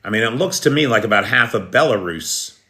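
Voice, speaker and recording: A man's voice: fairly low pitch, animated, brisk, sharp tone. An American man hosting a live news stream, chatting casually and answering viewers' comments by name. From United States. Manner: chatty, talks directly to viewers by name, clears throat often. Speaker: livestream news host.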